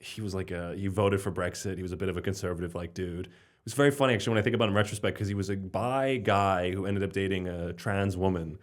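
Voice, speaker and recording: Low-voiced, fast-talking young man. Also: fairly even intonation. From Slovenia. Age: 20s. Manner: rambling, jokey, sweary. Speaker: stand-up comedian, guest. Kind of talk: casual podcast interview.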